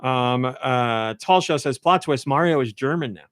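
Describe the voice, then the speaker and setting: Male podcast host, mid pitch, dry close mic; loose, laughing, rambling delivery. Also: unhurried, a bit bright, clean tone, dry recording. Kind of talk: casual chat.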